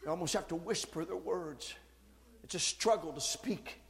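A man preaching a sermon, moving between quiet teaching and shouted, fervent passages. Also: fairly high pitch, moderate pace, creaky, in a large hall.

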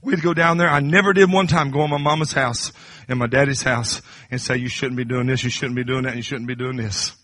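Preacher, middle-aged man, very bright and dry close sound, shifts from hushed to shouting. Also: fairly even intonation, fairly quick, few pauses, no echo. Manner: swings from low confiding talk to high shouted crescendos. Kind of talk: sermon.

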